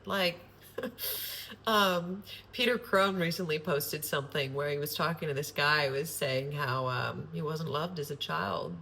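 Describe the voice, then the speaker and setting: Her voice is low-pitched, creaky and sharp-toned, and she speaks at a measured pace against a little background noise. In a loose, unplanned monologue to camera, she wanders earnestly from point to point, peppering it with swearing.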